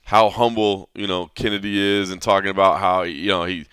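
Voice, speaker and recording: A man co-hosting a podcast in casual chat, animated and trailing off with fillers like "you know". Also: deep voice, normal speed, clear, resonant tone, no room sound. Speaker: podcast co-host.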